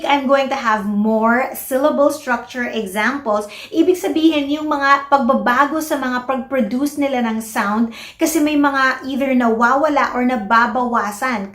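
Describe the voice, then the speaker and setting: A Filipino woman who is a speech-language pathologist explains children's speech to parents, mixing English and Tagalog and slowly modeling words. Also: sits high, echoey room. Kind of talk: educational talk to parents.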